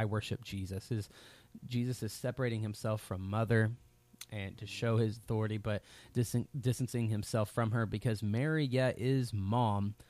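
A man's voice: on the low side, darkish tone, no room sound. A man in his thirties giving a sermon as a pastor, talking in a loose, conversational way with frequent fillers and restarts.

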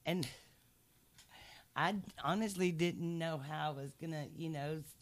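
A guest in a faith conversation who speaks haltingly and searches for words. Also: medium pitch, fairly even intonation.

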